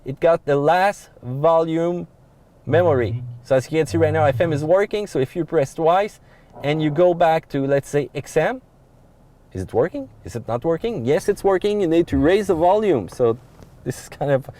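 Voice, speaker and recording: A car reviewer with a French accent gives a loose, casual walkthrough of the dashboard controls from inside a pickup truck cab, full of uh fillers and restarts. His voice is a little high and dark in tone, animated, at a moderate pace.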